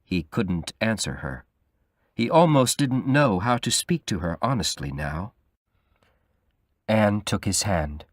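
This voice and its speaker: A man reading a novel aloud in a steady, measured storytelling manner. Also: fairly low pitch, dry recording, studio quality. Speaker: audiobook reader. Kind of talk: scripted narration of a graded reader.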